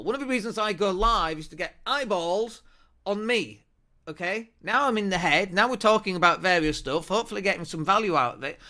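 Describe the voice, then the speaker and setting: A man hosting a marketing podcast, talking straight to camera in an energetic, persuasive way. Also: high voice. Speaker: podcast host, marketing agency owner. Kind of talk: direct-to-camera marketing talk. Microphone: camera at desk.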